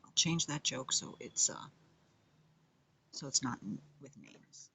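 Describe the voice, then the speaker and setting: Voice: mid-range voice, sing-song, slow, gravelly, pushed and bright, a little hiss or hum. A comedian and musician in a rambling casual monologue, playful and self-mocking, often drifting into whispers.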